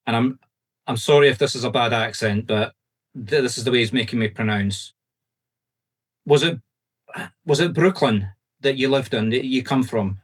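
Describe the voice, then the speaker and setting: A man with a Scottish accent working as a medium, giving fast, insistent, reassuring readings to a group over a video call. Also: mid-range voice. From Scotland.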